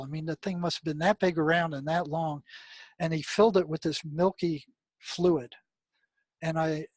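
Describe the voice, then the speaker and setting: An older man speaks as an interview guest, his voice pitched a little high and recorded dry and close. He tells his story with animation, stumbling through restarts and breaking into exclamations at dramatic moments. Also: no room sound. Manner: animated, many restarts, exclaims when recounting. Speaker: guest, retired mental health practitioner.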